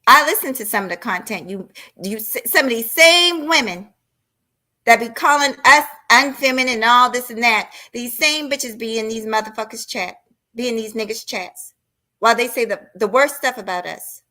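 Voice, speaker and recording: A woman in unloads a heated rant on her live stream. Her voice is bright and a touch high, and she is blunt and profane. She is confrontational, talking straight at her audience. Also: moderate pace.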